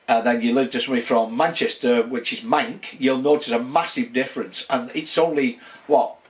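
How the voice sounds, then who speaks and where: A man's voice: medium pitch, fairly even intonation, a little fast. A man in his sixties with a broad northern English Wigan accent, giving a rambling, casual update to his channel's viewers. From northwest England. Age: 60s. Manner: rambling, with many fillers and restarts. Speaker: channel host.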